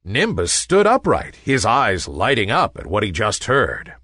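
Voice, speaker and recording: A man reading a children's bedtime story aloud in an expressive, sing-song way. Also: on the low side, measured pace, breathy edge, no room sound, clean studio sound.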